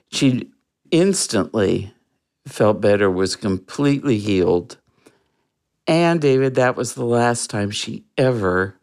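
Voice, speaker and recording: A guest telling a personal story in an interview, in an earnest, reflective way with soft laughs. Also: medium pitch, vocal fry.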